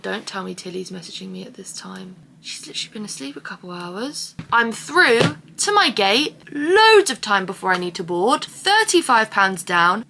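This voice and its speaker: Woman vlogger, sharp tone, ranty and sarcastic, casual delivery. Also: medium pitch, vocal fry. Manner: sarcastic, sweary, animated storytelling. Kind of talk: casual storytelling vlog.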